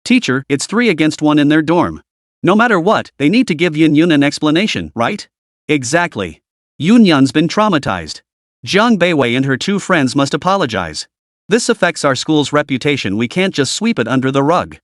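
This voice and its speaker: A man's voice: a little high, very animated, normal speed, no room sound, clean studio sound. A man voicing indignant young female college students in a story recap, accusing and protective.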